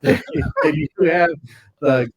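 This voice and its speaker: A man's voice: on the high side, measured pace, dry recording, low-quality recording. A man co-hosting a podcast, teasing his partner with questions and laughing along. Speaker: podcast co-host. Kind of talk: casual chat.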